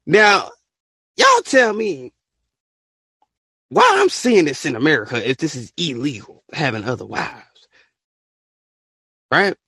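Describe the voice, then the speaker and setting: A man hosting a podcast, ranting his opinion in an animated, profane way and bursting into shouts. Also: a little high, unhurried, gravelly, pauses often, breathy edge, no echo, studio quality. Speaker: podcast host.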